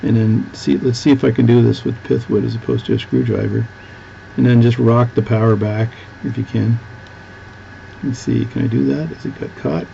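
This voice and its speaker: A man's voice: medium pitch, fairly even intonation, normal speed, vocal fry, mellow, muffled recording, a little hiss or hum. A Canadian man with a Canadian accent, chatting casually as he works through a watch repair, rambling and restarting often. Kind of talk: casual workbench tutorial.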